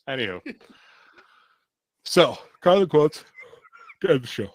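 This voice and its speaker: Lively, animated male podcast host. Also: medium pitch, takes it slowly, pauses often, dry recording. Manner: animated, self-mocking storytelling with frequent laughs. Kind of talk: casual comedic chat.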